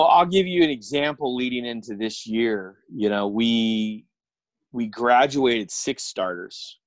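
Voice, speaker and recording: A middle-aged man, a high school baseball coach, talking frankly and casually with many fillers over a video call. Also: no echo, dull audio. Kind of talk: casual interview chat. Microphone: video call with earbuds.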